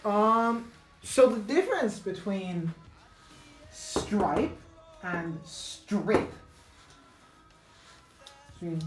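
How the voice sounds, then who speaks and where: A woman teaching an unscripted grammar lesson, halting and correcting herself, with many fillers. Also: mid-range voice, expressive. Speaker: English teacher. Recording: echoey room with faint music.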